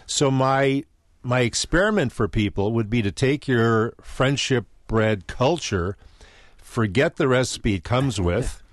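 A man's voice: mid-range voice, animated, unhurried, dry recording, clean studio sound. A man who teaches baking, a radio guest explaining recipes in a knowledgeable way with some hesitant restarts. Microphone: studio microphone.

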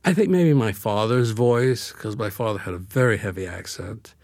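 A man's voice: fairly low pitch, normal speed, gravelly, a little mellow, dry recording. An older man from Brooklyn being interviewed, talking in a wry, reflective way and laughing easily. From Brooklyn, New York. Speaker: interview guest, author. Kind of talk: conversational interview.

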